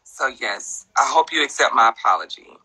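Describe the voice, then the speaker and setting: A man's voice: medium pitch, expressive, sharp tone, slightly rough, pitched below the performer's own voice, exaggerated voice, rough recording. A man putting on a stiff, mock-sincere fake celebrity apology on a phone livestream. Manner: mock-sincere, halting, overly polite.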